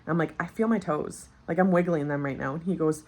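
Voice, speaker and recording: Vlogger, woman in her 30s, low voice, candid and chatty, fresh from childbirth. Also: fast, darkish tone. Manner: candid, chatty, frequent fillers. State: recently postpartum. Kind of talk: casual storytelling.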